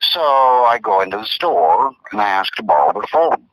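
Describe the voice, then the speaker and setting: Low-voiced older man telling rambling stories. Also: big pitch swings, moderate pace, fairly bright tone, poor audio. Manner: rambling, repeats himself. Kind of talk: casual storytelling chat.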